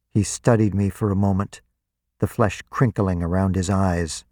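A man narrates an audiobook in a deep, low voice, unhurried and introspective. The sound is dry and close, with no room echo. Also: darkish tone. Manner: deliberate and introspective. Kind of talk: scripted first-person narration.

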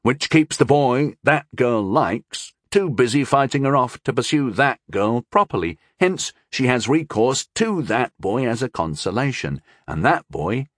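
A man's voice: medium pitch, lively intonation, measured pace, few pauses, dry recording. Guy doing a smug young scholar, knowing and wry, bouncy delivery, dry close sound. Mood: smirking. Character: young man, confident scholarly friend.

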